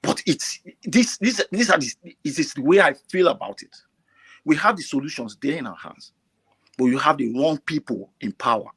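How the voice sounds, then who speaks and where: A man calling in over a video call, talking with strong feeling and pushing his pitch up as he gets emotional. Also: expressive, normal speed, a bit bright, slightly rough. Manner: impassioned, rising to high emotional pitch, repeats himself. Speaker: caller. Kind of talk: passionate online call-in talk.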